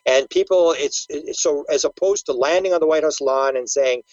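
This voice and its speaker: A man's voice: a little high, moderate pace, a little mellow, no room sound, highs cut off. An older man, a guest researcher, talking casually in an interview, telling stories with animation, acting out quotes and stumbling over repeated words.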